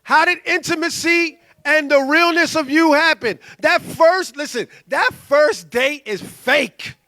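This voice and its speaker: A male pastor, preaching a sermon in an animated way and acting out quoted voices. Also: very high voice, a little slow. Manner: animated, acts out quoted voices, loud bursts.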